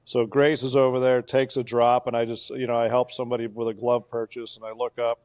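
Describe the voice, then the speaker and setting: A man co-hosting a casual golf podcast, telling a play-by-play story with animated bursts of excitement. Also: medium pitch, brisk, no echo. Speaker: podcast co-host.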